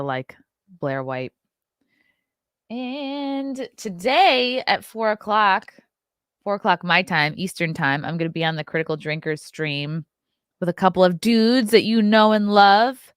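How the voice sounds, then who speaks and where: A woman's voice: deep voice, clear, resonant tone, no echo, clean studio sound. Blunt, profane woman chatting on a stream. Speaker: podcast host reading live chat. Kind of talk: casual live-stream chat.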